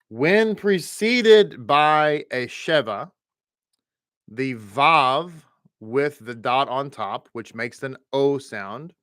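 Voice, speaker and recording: A man's voice: mid-range voice, dry recording, clean studio sound. Chatty Texan man teaching a class. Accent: Texas. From American South. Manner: relaxed, chatty, drawn-out examples with repeated words. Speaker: Hebrew reading teacher. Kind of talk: online class instruction.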